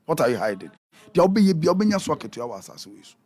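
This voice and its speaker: A Ghanaian man, a prophet who guests on a radio talk show, preaching in a lively way and switching between Twi and English. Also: a little high, rapid-fire, slightly rough. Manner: animated, mixes Twi and English, acts out quotes.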